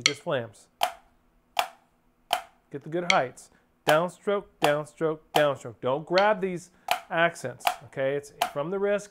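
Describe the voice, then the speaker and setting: A man teaching drum rudiments step by step, patiently calling out counts and stickings. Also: fairly high pitch. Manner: counts beats and calls stickings aloud; patient, plain coaching. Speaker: drum instructor. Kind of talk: step-by-step music lesson. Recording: clear clicking noise behind voice.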